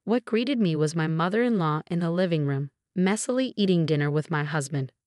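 Low, dry-voiced woman narrating a story. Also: a little fast, a little mellow, no room sound. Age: 40s. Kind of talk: scripted first-person story narration.

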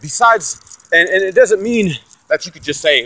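A man ranting profanely and aggressively about God and church, swinging from loud outbursts to low muttering. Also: lively intonation, normal speed. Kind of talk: profane religious rant to camera.

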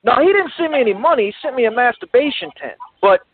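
Give me a rambling male caller with a very high voice, calling everyone brother over a phone line. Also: expressive, fast, slightly rough, dry recording. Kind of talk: phone-in comedy chat. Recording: dry tinny phone line.

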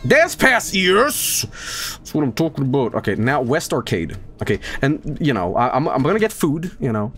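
A man's voice: medium pitch, normal speed, faint music behind. A man in his thirties giving casual, jokey commentary while streaming a horror game. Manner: animated, jokey, breaks into silly sung bits.

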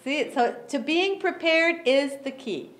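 A woman teaching an English class for job seekers, speaking slowly and clearly, encouraging and often laughing. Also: sits high, lively intonation, fairly bright tone. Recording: echoey classroom.

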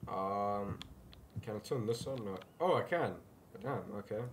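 While playing a game, a man hosting a gaming video offers laid-back commentary and mutters jokes to himself. His lowish voice has lively intonation and a measured pace, over slight background noise.

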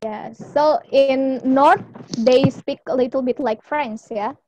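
A woman from Indonesia who teaches and hosts a class question session in English, lively and mixing in Indonesian words. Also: high voice, slow, highs cut off, background noise. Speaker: teacher and host. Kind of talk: hosting a class Q&A.

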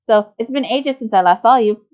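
A woman's voice: on the high side, moderate pace, darkish tone, dull audio, close to an everyday voice. A woman voicing a cheerful, clingy young man who personifies Italy, bubbly and a bit whiny, in a fan voice-over of a game.

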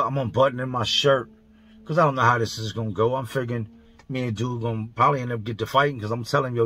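A man's voice: mid-range voice, slightly rough. A man telling a story from his past in a casual monologue, blunt, profane and full of street slang, describing events step by step. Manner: vivid, blow-by-blow retelling. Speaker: vlogger recounting prison experiences.

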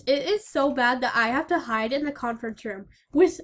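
A woman playing a game and voicing its characters, with melodramatic shouts and whimpers. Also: high voice, moderate pace, few pauses. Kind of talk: playful melodramatic game voice-over.

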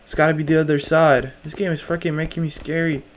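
A man's voice: on the high side, little pitch movement, quick pace. A young man playing a horror game, jumpy and nervous, talking to himself in casual slang. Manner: casual slang, lots of "bro". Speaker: gamer. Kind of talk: horror game let's play.

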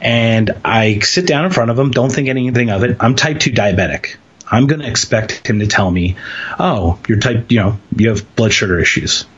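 Husky-voiced man telling a story. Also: medium pitch, moderate pace, dull audio. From Philadelphia. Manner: animated storyteller, acts out quotes. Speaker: interview guest. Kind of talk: storytelling in a casual interview.

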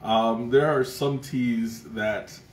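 Casting: easygoing male stream host, mid pitch, talks in loose rambling restarts, echoey room with faint hiss. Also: steady tone, slow. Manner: rambling, thoughtful, frequent restarts and fillers. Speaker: livestream tea taster. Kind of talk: casual live tasting chat. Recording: roomy echo, faint background noise.

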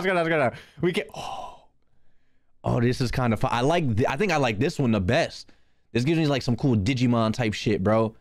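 A young man hosting a livestream, chatting casually with his chat in a loud, joking, profane way that swings into shouting. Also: medium pitch, expressive, normal speed, no echo, clean studio sound. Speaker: streamer hosting an art contest.

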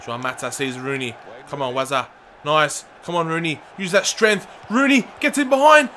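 A man commentating his own football video game, excitable and shouting at the players and the referee. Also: a little high, moderate pace, slight background noise. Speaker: gaming channel host.

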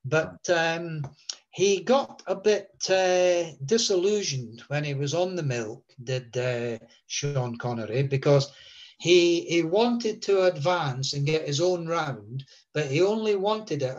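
A man's voice: a little high, takes it slowly, highs cut off. A man, a guest telling a long story in a rambling way with many fillers. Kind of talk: relaxed storytelling.

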